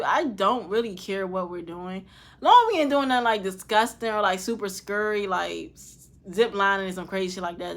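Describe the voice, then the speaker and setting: A young woman vlogger speaking, answering viewer questions in casual, candid, profane chat that drops soft and quiet at tender moments. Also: mid-range voice.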